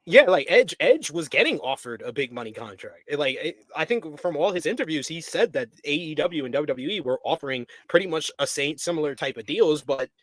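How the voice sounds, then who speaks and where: A man with a slightly high voice chats casually as a show co-host, reading viewer messages aloud and breaking into laughter often. His voice is recorded close and dry. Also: lively intonation, a little fast, few pauses, a bit bright, no room sound. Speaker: co-host of a wrestling review show.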